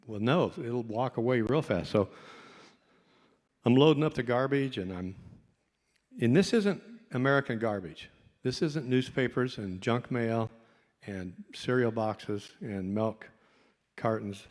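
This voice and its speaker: A man's voice: mid-range voice, lively intonation, unhurried, darkish tone. A middle-aged man, a doctor, tells a folksy, self-mocking story to a convention audience. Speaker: doctor and speaker. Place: convention hall. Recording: long hall reverb.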